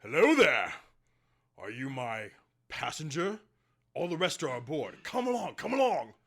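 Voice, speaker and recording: A man voicing a big, cheerful male minotaur ship captain who talks in a hurried, booming way. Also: sing-song, gravelly, fairly bright tone, full character voice. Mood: hearty.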